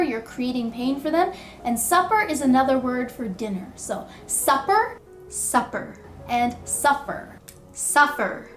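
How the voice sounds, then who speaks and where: A woman teaching English pronunciation, drilling words with slow, deliberate, exaggerated enunciation. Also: sits high, roomy sound, slight background noise.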